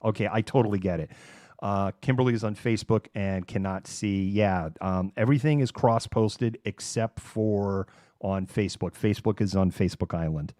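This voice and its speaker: A man's voice: fairly low pitch, moderate pace, dark tone, no room sound, studio quality. A man hosting his own live show, chatting casually and rambling through a story with frequent laughter. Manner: rambling, laughs often, acts out voices in anecdotes. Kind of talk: casual livestream chat.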